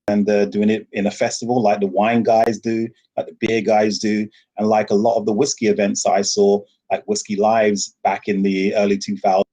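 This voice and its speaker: An enthusiastic man with a low, husky voice, speaking as a podcast guest over a video call. He tells his stories with lively energy and laughs often. His delivery stays warm-blooded and emphatic. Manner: enthusiastic, animated storyteller who laughs often. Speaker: guest, rum ambassador. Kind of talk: podcast interview.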